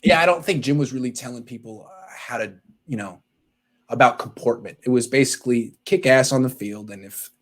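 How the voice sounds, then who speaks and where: Excitable man hosting a sports talk show. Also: mid-range voice, fairly quick. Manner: excitable storyteller, jumps between loud outbursts and muttered asides. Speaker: sports podcast host. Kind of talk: casual chat.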